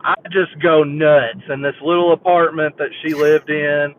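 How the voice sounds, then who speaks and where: Over a tinny phone line with a faint hiss, a caller to a sports show rambles through a fan story and laughs along the way. His voice is a little high, his intonation fairly even, and his pace a little slow.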